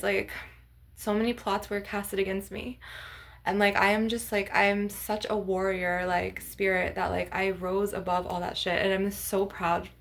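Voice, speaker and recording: A young woman with a medium-pitched, gravelly voice chats casually to the camera for her viewers. Showing off her crystals, she rambles along, peppering her talk with "like" and "you guys."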